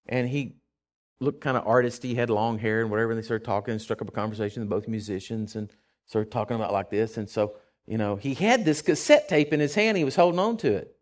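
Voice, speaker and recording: A man delivering a sermon at a middle pitch. He moves between loose, conversational storytelling with filler words and restarts and emphatic, repeated declarations aimed at his congregation. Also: fast talker. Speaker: preacher.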